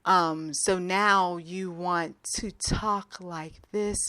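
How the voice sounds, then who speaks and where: A woman's voice: fairly low pitch, steady tone, drawn-out words, hardly any pauses, bright, forceful tone, no echo. Dry-sounding middle-aged woman giving advice. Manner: conversational, emphatic, with asides. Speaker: host of a Christian advice audio show. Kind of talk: casual advice monologue.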